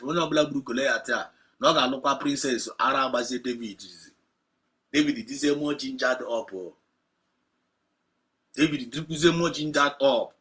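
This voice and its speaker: A man with a Nigerian accent preaching a sermon, switching between Igbo and English and building to loud, emphatic peaks. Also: medium pitch, normal speed. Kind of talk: sermon retelling a Bible story.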